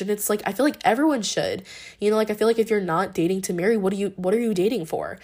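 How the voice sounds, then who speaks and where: A woman's voice: mid-range voice, quick pace, darkish tone. A young woman hosting a podcast, talking through her thoughts in a casual, rambling monologue with lots of fillers and restarts. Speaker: podcast host.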